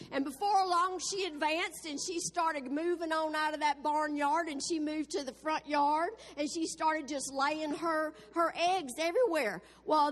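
A woman preacher giving an exuberant sermon, full of exclamations of praise and storytelling asides. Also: high voice. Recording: echoey hall.

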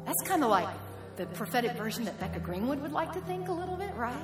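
Woman preacher, high voice, lively story-style sermon, echoey hall, long reverb. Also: fast. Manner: animated storytelling that acts out the quoted characters. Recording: echoey hall with music behind.

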